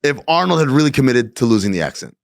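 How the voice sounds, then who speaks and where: A man co-hosting a comedic sports talk show, joking and swinging his voice high and low. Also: sing-song, quick pace, gravelly. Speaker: co-host.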